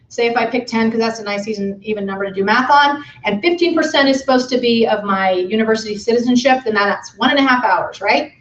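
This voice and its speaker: A woman's voice: fairly high pitch, brisk, a bit bright, far from the mic, a little hiss or hum. A woman giving an informal, chatty conference talk to instructors, with frequent fillers. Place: conference session room. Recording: dull echoey room from afar.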